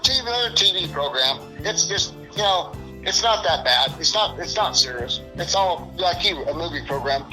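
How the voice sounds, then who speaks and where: A man's voice: a little high, expressive, normal speed, music in the background, low-quality recording. A middle-aged man being interviewed, talking in a rambling, profane, frustrated way. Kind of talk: casual interview.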